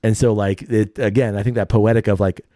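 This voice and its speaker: A man co-hosting a podcast in casual chat, rambling and relaxed, with lots of fillers. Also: on the low side, a little fast, dry recording, studio quality. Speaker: podcast co-host.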